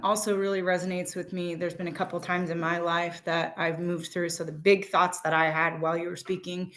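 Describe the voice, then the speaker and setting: A woman's voice: fairly low pitch, a bit bright. A woman real estate agent on a video call, sharing personal reflections in a candid, blunt way and swearing casually.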